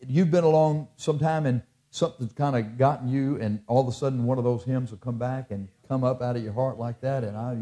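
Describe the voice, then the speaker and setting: Male pastor, mellow sermon voice, folksy delivery, quotes hymns, mid-range pitch. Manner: folksy and conversational, quoting hymn lyrics.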